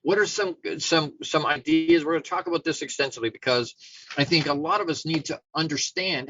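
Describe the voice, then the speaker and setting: A man's voice: fairly high pitch, brisk, dry recording. Brief: middle-aged man, self-help host, loose conversational delivery, dry muffled recording. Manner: casual, rambling, frequent restarts, animated storyteller. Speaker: show host.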